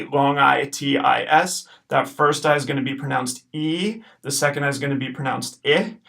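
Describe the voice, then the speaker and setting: A man teaches a recorded lesson, his voice carrying a gravelly rasp. He explains patiently and drags out each practice word slowly, cheering students on between drills. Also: medium pitch, a bit bright. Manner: patient, encouraging, slows to repeat words. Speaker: Latin teacher.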